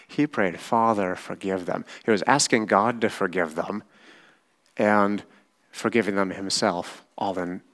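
A man delivers a sermon in a lowish voice. He speaks very slowly and deliberately, like a patient teacher, and often checks in with his listeners. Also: fairly bright tone. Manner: slow, measured teaching with frequent "right?" checks. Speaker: pastor.

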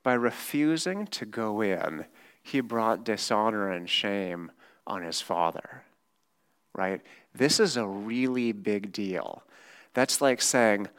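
A man's voice: on the low side, expressive, takes it slowly, fairly bright tone. A man preaching a sermon in a casual, conversational way. He is emphatic and often checks in with rhetorical questions.

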